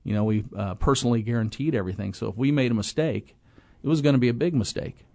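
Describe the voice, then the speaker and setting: Gravelly middle-aged man telling a story. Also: mid-range voice, fast talker, warm tone, dry recording. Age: 20s in 1997, now middle-aged. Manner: rambling, with many restarts and acted-out quotes. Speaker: guest, apartment property owner. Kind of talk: casual interview storytelling.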